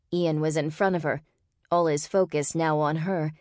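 A woman narrating an audiobook in a steady, expressive reading voice. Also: sits low, moderate pace, no echo, studio quality. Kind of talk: scripted narration.

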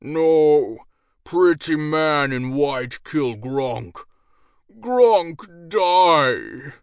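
A man's voice: fairly high pitch, animated, smooth, dry recording, studio quality, pitched above the performer's own voice, heavily acted. Gronk, a man doing a bellowing brutish ogre. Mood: mock-dying. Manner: broken grunting speech, slow and loud. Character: huge green male ogre, brutish and crude.

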